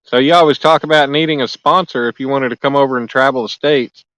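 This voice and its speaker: A man's voice: mid-range voice, fairly even intonation, quick pace, fairly bright tone, no room sound, low-quality recording. A man hosting a casual live stream outdoors by a lake at night, chatting easily and joking as he reads and answers viewer comments aloud. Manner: joking, easygoing. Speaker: livestream host.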